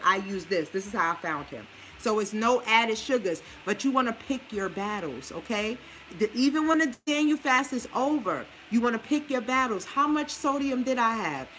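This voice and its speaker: Her voice sits high and sounds pushed and bright as this New Orleans-accented vlogger presents a meal plan in her home kitchen. She lectures her viewers directly with sass in a casual demo with advice, and there's a bit of hiss or hum.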